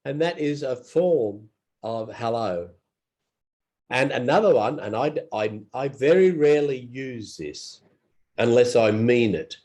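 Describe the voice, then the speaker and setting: A man with a mid-range, expressive, slightly mellow voice gives a casual English lesson while feeling unwell. He moves slowly and repetitively, saying each phrase aloud as a model.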